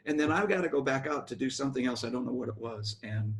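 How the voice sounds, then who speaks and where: Brief: older American musician guest, rambling anecdotes, mid-pitched, faint hiss. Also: male voice, fairly even intonation, fast talker, hardly any pauses, a bit bright. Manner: rambling anecdotal storytelling with restarts. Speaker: guest musician, bass player. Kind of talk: storytelling interview.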